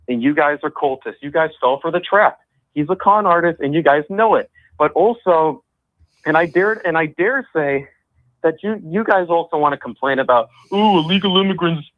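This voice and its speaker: A man's voice: a little high, no room sound. A man calling into a radio show and ranting angrily about politics. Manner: angry ranting, insulting. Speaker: caller. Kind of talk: call-in rant. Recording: dull phone-in line.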